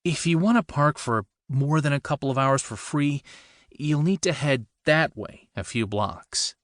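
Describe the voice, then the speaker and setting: A man voicing a patient, kind police officer who speaks with measured, calm authority. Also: fairly high pitch, no room sound, clean studio sound, voice pushed up, natural voice.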